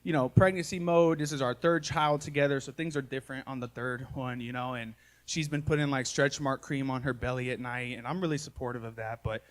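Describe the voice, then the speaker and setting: A man's voice: medium pitch, steady tone, fairly quick, hardly any pauses. A man in his thirties doing live stand-up comedy, telling family stories in a folksy, self-mocking way full of "y'all" and "man.". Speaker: stand-up comedian and podcast host. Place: live comedy show before an audience.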